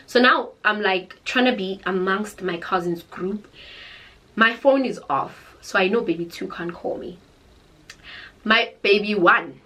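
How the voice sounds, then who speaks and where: A young woman with a South African accent, telling a storytime tale in a dramatic, animated way. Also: mid-range voice, low-quality recording. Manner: animated, dramatic, code-switching into Zulu. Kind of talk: casual storytime chat.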